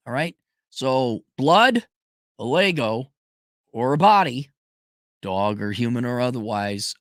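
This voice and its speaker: A middle-aged man hosts a livestream and speaks slowly with long pauses, giving blunt, profane, emphatic answers to viewer questions as his pitch jumps animatedly. The studio-quality recording has no echo.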